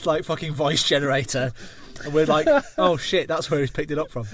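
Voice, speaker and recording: A man's voice: fairly high pitch, steady tone, brisk. An English man in his thirties hosting a casual podcast chat, rambling and going off on tangents, swearing freely. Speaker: podcast host.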